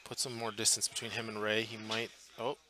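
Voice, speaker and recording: A man's voice: lowish voice, completely flat delivery, fairly quick. A man commentating live on a tabletop tournament match, chatty and thinking aloud with fillers and restarts, from a booth at the event. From Portland area, US.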